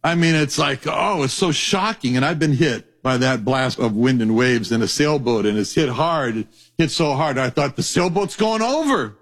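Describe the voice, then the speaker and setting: A middle-aged man preaching a sermon, telling stories with lively acted-out voices. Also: medium pitch, normal speed. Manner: animated storytelling, acts out voices.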